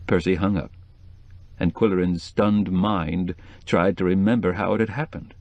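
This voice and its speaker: A man reading a mystery novel aloud as audiobook narrator, expressive storytelling. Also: low voice, moderate pace, no room sound. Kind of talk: scripted narration.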